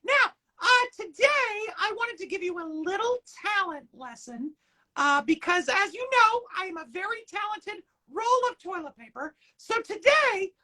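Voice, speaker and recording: A woman's voice: very high-pitched, bright, forceful tone, heavily acted. A woman voicing a cheerful, showy talking roll of toilet paper that opens a puppet comedy show in a bubbly, hammy way. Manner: bubbly, hammy and self-praising. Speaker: show opener.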